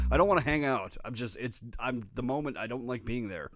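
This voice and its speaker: A man's voice: medium pitch, fairly quick. A man from Minnesota hosting a rambling, profane, self-deprecating solo podcast while playing guitar. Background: his own guitar playing.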